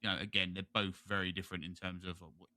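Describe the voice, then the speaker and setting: British man, podcast host, casual chat, jokey, rambling, lowish pitch, very bright tone. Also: flat delivery, fast talker, no room sound.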